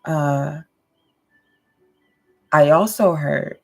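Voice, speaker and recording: Low, gravelly-voiced woman reading tarot. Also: very slow, a little mellow. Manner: goofy, playful, laughs often; addresses listeners directly, checking in with "okay?". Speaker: tarot and astrology reader. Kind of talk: casual spoken tarot reading to viewers.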